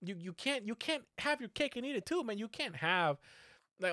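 Guy telling a story, lots of swearing, acting out the quotes, kinda high voice, dry close mic. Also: moderate pace, no echo. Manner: animated storyteller, swears often, acts out quotes. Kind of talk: casual podcast chat.

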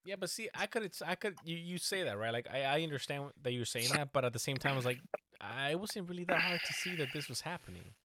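A man with a bright, slightly high voice rants in casual talk, cursing freely and getting heated. The sound is dry and close. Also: fast, no room sound. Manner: animated, swears a lot, ranting. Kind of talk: casual chat.

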